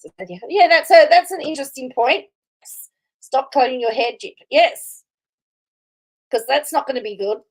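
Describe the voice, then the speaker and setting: Chatty woman commenting live, higher voice. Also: animated, normal speed, long pauses, low-quality recording. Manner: chatty, reads viewer comments aloud and laughs often. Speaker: commentary host reacting to a video.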